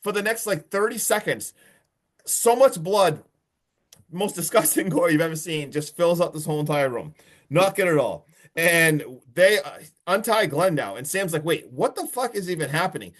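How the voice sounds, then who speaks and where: Man, podcast host, fairly high voice, excitable, swears a lot, casual plot recap. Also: moderate pace. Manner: excitable, profane, recounts plot with swearing and laughs. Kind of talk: casual movie review chat.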